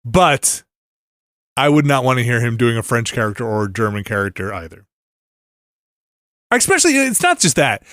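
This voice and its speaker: A man co-hosting a podcast in casual chat, talking in animated, wandering runs and laughing often. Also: medium pitch, moderate pace, pauses often, no echo, studio quality. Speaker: podcast co-host.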